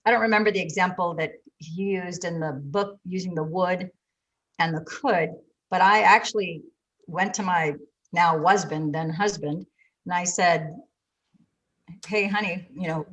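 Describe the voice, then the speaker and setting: A woman hosting a casual group discussion about relationships, telling stories in an animated way and acting out quoted lines. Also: on the low side, normal speed. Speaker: discussion host.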